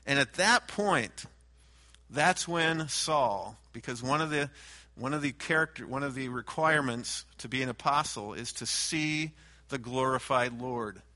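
A man's voice: medium pitch, unhurried, bright, forceful tone. A man teaching a Bible sermon, reading verses and raising his voice to stress repeated names. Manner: emphatic, raises voice on repeated names. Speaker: preacher.

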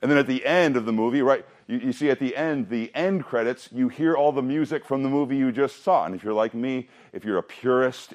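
Man, bible study teacher, casual, chatty, asks the group questions, middle pitch. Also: a little mellow. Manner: conversational, asks the room questions, jokes, restarts.

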